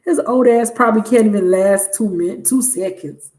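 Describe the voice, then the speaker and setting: A woman hosting a live tarot reading stream, telling a story in a casual, animated and blunt way. She laughs often and swears freely. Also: medium pitch, moderate pace. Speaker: tarot reader livestream host. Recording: roomy echo.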